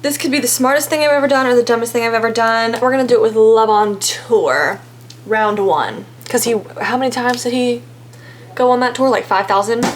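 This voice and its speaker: Young woman, Texan accent, chatty and rambling, fairly high voice, noisy background. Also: brisk. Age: 20s. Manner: chatty, rambling, self-deprecating. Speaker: vlogger. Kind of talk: casual vlog chat. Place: in a car, then at home.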